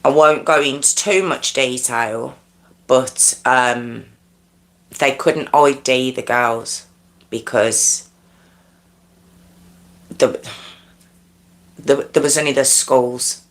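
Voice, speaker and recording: Low, gravelly-voiced woman telling true crime. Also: drawn-out words, long pauses, a bit bright. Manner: conversational, many restarts and asides, checking in with "okay?". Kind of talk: casual livestream storytelling.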